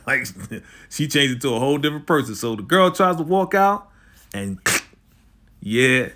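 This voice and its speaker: A man's voice: medium pitch, a bit bright. A man casually recapping a TV episode in slangy talk, acting out the characters' lines as he goes.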